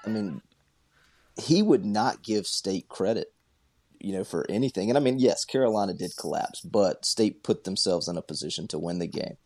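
A man co-hosting a sports podcast, speaking bluntly in halting, repetitive casual chat. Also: fairly low pitch, expressive, a little mellow, husky. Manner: halting, repeats himself, blunt. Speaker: podcast co-host.

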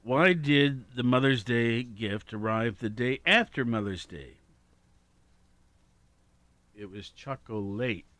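A man co-hosting a radio show, telling jokes in a slow, deliberate way. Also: mid-range voice, animated, bright, forceful tone, dry recording. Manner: slow, deliberate joke delivery. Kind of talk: joke-telling radio chat.

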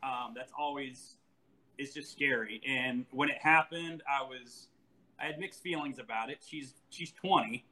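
Man in his forties, bright voice, animated storyteller with frequent laughs and restarts, casual chat. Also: medium pitch, unhurried, rough recording. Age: 40s.

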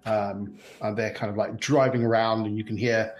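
A man's voice: fairly low pitch, little pitch movement, normal speed, slight background noise. A man narrating a tabletop game as game master, casual and meandering with many fillers.

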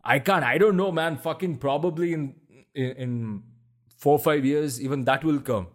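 A man with a deep voice hosting a solo podcast, ranting bluntly and swearing heavily for emphasis. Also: moderate pace. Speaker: podcast host. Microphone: podcast mic.

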